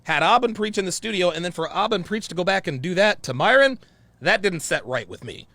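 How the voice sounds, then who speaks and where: A man's voice: high voice, expressive, fast, creaky, bright, forceful tone, no echo. A man hosting his channel, telling a story in a heated, profane way and repeating himself often. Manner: profane, repetitive, worked-up. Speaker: channel host.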